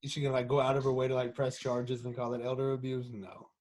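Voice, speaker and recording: A man's voice: mid-range voice, flat delivery, fast, darkish tone. Laid-back man asking questions. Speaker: podcast co-host. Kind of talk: casual chat.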